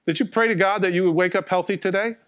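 A man's voice: high-pitched, fairly even intonation, fast talker, a bit bright. A middle-aged male pastor delivering a sermon in a conversational, wry, self-mocking way, acting out little dialogues.

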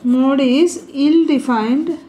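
A woman's voice: high-pitched, slow pace, warm tone. A woman teaching a statistics lesson at a board, explaining step by step and putting questions to her class. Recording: echoey room.

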